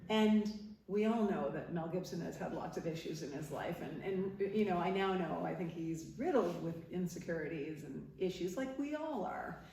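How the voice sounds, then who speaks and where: A woman's voice: fairly low pitch, animated, normal speed, dark tone. A middle-aged woman from Nova Scotia speaks to a live audience in a parish hall, telling her stories with energy and often laughing. She acts out the voices of the people she quotes. Her voice carries a heavy hall echo and sounds distant from the mic. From Nova Scotia, Canada. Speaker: guest speaker, former TV interviewer. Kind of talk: storytelling talk to a live audience. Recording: echoey hall, voice from far off.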